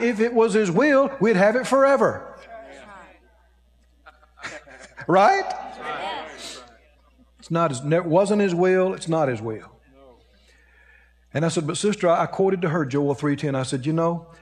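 A man preaching a sermon, telling a story with lively swings between hushed low talk and high excited bursts. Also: a little slow, long pauses. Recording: reverberant hall.

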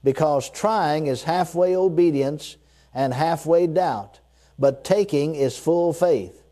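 A male preacher in full sermon, his voice pitched a little high yet mellow and warm. He drives each point home with repetition and slows right down when he reads scripture, then has his listeners repeat his declarations back to him. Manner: emphatic, repeats key phrases, slows down for scripture; leads the congregation in call-and-response declarations.

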